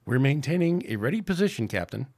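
A man's voice: medium pitch, very animated, quick pace, darkish tone, no echo. A man voicing an earnest male starship security chief and helmsman in an amateur story reading. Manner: earnest, growing insistent.

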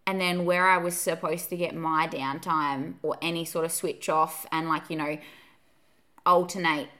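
A woman in casual chat as a podcast co-host, talking fast with lots of fillers and frequent laughs. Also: sits low, fairly even intonation, bright, forceful tone.

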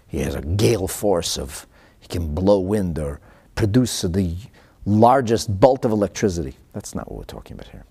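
Man, religious studies teacher, storytelling, low gravelly voice, lively, dark husky tone. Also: normal speed. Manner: animated storyteller, acts out voices. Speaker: Torah teacher. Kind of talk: storytelling lecture on religious texts.

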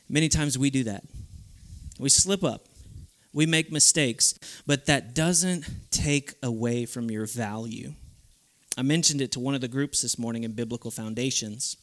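A man preaching an animated sermon at a youth camp, acting out the voices of the people he quotes. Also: medium pitch, normal speed.

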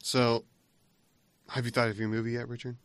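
A man's voice: medium pitch, little pitch movement, moderate pace, clear, resonant tone, no echo. A man co-hosting a podcast, chatting casually and rambling as he laughs through his retelling. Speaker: podcast co-host. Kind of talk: casual chat.

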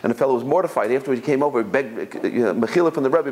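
A man's voice: animated, rapid-fire, darkish tone. A man giving an informal religious lesson, telling stories and often repeating words as he searches for his phrasing. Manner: storytelling, jumps higher when quoting others. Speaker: Torah teacher.

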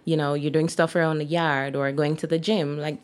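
A woman's voice: low-pitched, little pitch movement, fairly quick. A Jamaican woman in her thirties, a guest in an interview, chatting casually with many fillers and laughs. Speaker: guest, T-shirt brand owner.

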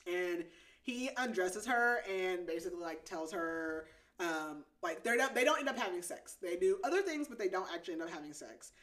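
A woman's voice: lowish voice, a bit bright. Chatty woman recapping a book. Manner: chatty, giggly, lots of "like". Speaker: podcast host. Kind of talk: casual book recap chat.

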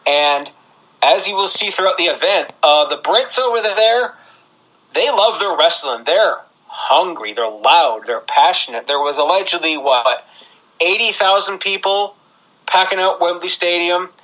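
A man from Canada co-hosting a wrestling podcast in relaxed casual chat, laughing easily. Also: high-pitched, a little slow, poor audio. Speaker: podcast co-host.

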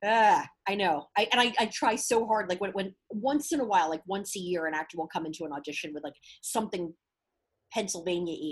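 A woman in her thirties talks in a husky voice as a guest in a casual chat. She speaks in a chatty, animated way, quick to laugh. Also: lowish voice. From Mid-Atlantic US. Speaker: acting teacher and casting guest.

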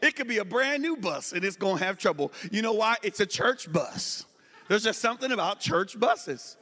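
A man performing stand-up comedy, telling a story in an animated way and shouting his punchlines. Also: high voice, normal speed, long reverb tail. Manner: animated, shouts punchlines, drawls quoted voices.

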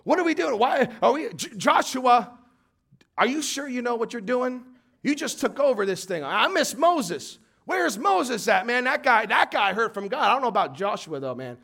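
Preacher doing an anxious israelite guy in the crowd, griping and doubting, high voice. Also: big pitch swings, moderate pace, gravelly, fairly bright tone, exaggerated voice. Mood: impatient, doubting. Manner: doubting, complaining, raised voice. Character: worried grumbling Israelite man in a crowd.

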